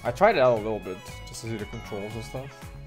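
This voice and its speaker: A man streaming live and chatting casually in a tired, low-energy mumble. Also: lively intonation, fast talker, music in the background.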